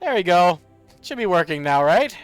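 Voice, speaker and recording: A man streaming a video game, joking and reacting excitably in casual commentary. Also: high-pitched, moderate pace, faint music behind. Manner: excitable, joking, laughs often.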